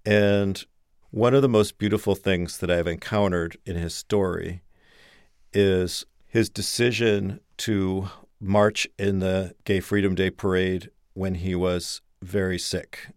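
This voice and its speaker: A man speaking as a biographer in an interview, measured and thoughtful as he explains. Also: low-pitched, fairly even intonation, a little mellow, clear, resonant tone, no echo, studio quality.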